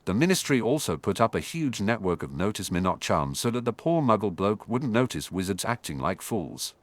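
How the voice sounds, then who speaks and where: Man narrator, audiobook, steady storytelling, low voice, dry close recording. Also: normal speed, no room sound. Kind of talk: audiobook narration of fan fiction.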